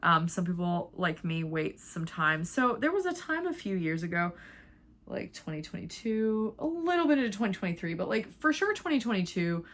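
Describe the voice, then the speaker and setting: A woman's voice: on the low side, sing-song, normal speed, fairly bright tone. A woman hosting a knitting vlog, chatting casually and rambling with lots of filler words. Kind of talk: casual chat.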